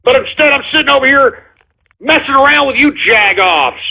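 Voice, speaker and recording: A man's voice: extremely high pitch, expressive, normal speed, gravelly. A man hosting a call-in radio show, ranting irritably and swearing at his callers. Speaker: radio host taking voicemail calls. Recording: tinny phone-like radio audio.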